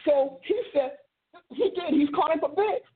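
A woman who hosts a ministry show, teaching a sermon with emphatic storytelling and drawn-out stresses, in a husky voice. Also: sits high. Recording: tinny phone-line sound.

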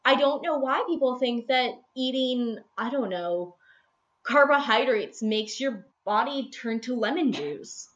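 A woman cancer researcher chatting on a podcast, ranting in an animated, exasperated way about odd health fads. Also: on the high side, measured pace, lo-fi sound. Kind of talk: casual podcast chat.

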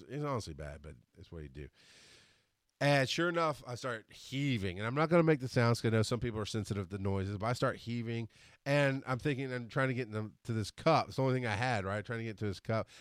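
Animated male podcaster telling a story. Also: medium pitch, smooth, no room sound, clean studio sound. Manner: animated, laughs often, acts out scenes. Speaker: podcast host. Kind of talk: casual storytelling monologue.

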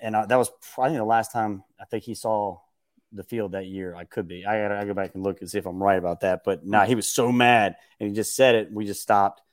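A man's voice: lowish voice, quick pace, no room sound. Guy spinning funny stories on a podcast, does the voices, dry close sound. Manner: lively, acts out quotes with raised voice, laughs often. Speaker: guest telling stories. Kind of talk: casual podcast storytelling.

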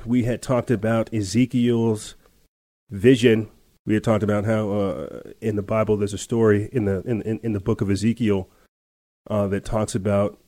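A man's voice: fairly low pitch, mellow, dry recording. A man hosting a podcast, telling a story in a rambling casual way with many restarts and laughs. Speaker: podcast host. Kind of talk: casual chat.

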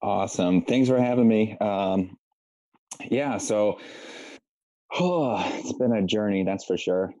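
A man's voice: lowish voice, slow pace, long pauses, dark tone, no room sound. A man from Massachusetts telling his personal story as a guest on a video call, hesitant and full of ums. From Massachusetts, United States. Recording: muffled video-call audio.

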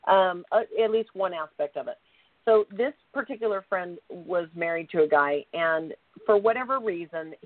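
Animated woman telling a story, tinny line. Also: on the low side, dry recording. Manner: animated, acts out quoted voices. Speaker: co-host. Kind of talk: casual storytelling chat.

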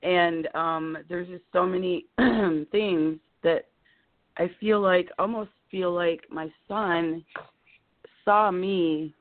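Woman in her 50s on a tinny phone line, rambly and emotional, on the edge of tears, kinda high dry voice. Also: fairly even intonation, takes it slowly, no echo. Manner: rambling, emotional, talks in bursts. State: holding back tears. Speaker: caller. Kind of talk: caller on a live call-in show. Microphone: telephone.

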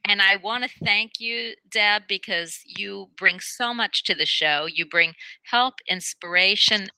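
A woman's voice: medium pitch, unhurried, sharp tone, clear, resonant tone, no echo, rough recording. A middle-aged woman hosting a radio show, effusive and rambling, sometimes tongue-tied. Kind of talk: casual radio chat.

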